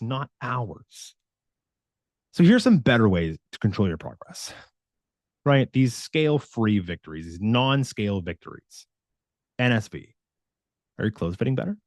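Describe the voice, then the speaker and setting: Talking straight to his viewers, this male fitness coach keeps things casual and animated, acting out each quote. His mid-range voice comes through dry and clean, with studio sound.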